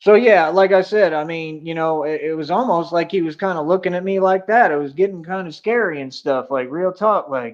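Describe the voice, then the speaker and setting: A man's voice: fairly high pitch, normal speed, slight background noise. A man streaming casually, rambling and joking, laughing often and filling with "like". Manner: joking, boastful.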